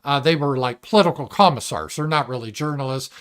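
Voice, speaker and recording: A man's voice: mid-range voice, a little fast, hardly any pauses, a bit bright. A man hosting his own livestream show, giving a blunt, profane commentary monologue and reading viewer messages aloud. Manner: blunt and profane, mimics opponents in mocking voices; reads viewer super chats aloud. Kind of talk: casual political commentary monologue.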